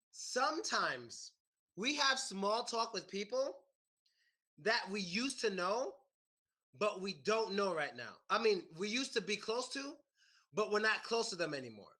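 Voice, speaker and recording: An American man teaching a class, animated and repeating his questions to the students. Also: high-pitched. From United States. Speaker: English teacher. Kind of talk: classroom lesson.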